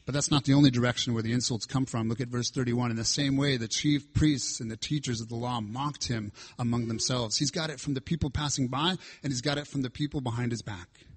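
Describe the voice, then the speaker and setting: Male preacher, husky voice, mid pitch, walks through scripture with dramatic weight. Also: steady tone, brisk. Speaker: pastor. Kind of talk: sermon.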